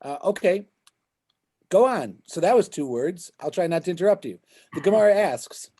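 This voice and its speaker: A man's voice: high-pitched, expressive, normal speed, dark tone. A man teaching a Talmud class as a rabbi, explaining the text and checking in with his students as he goes. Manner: explains as he goes, keeps asking "right?". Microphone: video call.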